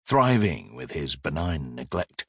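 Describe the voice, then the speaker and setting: A man reading an audiobook thriller in a steady, measured narration. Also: a bass voice, slightly rough, no echo, clean studio sound. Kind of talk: scripted narration.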